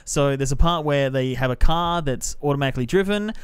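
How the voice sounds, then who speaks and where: A man co-hosting a podcast, chatting casually about a film and acting out scenes in quick quoted voices. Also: mid-range voice, clean tone, dry recording. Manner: animated, retells scenes in acted-out quotes. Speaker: podcast co-host.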